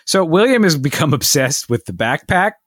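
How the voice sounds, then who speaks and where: Man in his thirties, podcast co-host, rambling, fairly high voice, dry close sound. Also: sing-song, moderate pace, fairly bright tone, husky, dry recording. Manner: rambling storyteller, lots of fillers and laughs. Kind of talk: casual chat.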